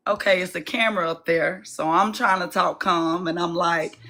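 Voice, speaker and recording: A woman's voice: lowish voice, steady tone, normal speed, few pauses, sharp tone, low-quality recording. A woman coach, telling a personal story in casual conversation with fillers. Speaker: coach and guest.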